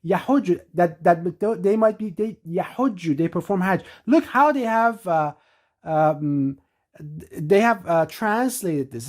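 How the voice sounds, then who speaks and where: A woman teaching scripture in an emphatic way, reading verses aloud and slowing down to stress key words. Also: on the low side, animated, a little mellow. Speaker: religious teacher.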